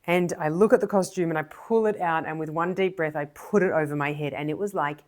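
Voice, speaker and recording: A young Australian woman, a communication coach, telling a personal story to camera with animated, expressive delivery. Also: sits low, fairly quick.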